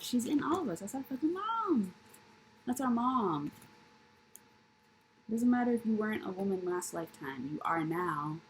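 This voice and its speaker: Woman tarot reader with a mellow, warm tone and faint background noise, talking casually and bluntly, swearing freely and repeating herself for emphasis. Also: a little high, rough recording. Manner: blunt, profane tough-love preaching; repetitive, emphatic, rhetorical questions. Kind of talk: casual tarot reading monologue.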